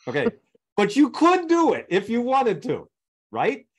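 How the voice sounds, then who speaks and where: A man's voice: very high-pitched, huge pitch swings, measured pace, breathy edge. A man speaking as a coaching guest on a podcast, explaining his method through examples and constantly checking in with his listeners. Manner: teaches through examples, keeps checking in with "right?".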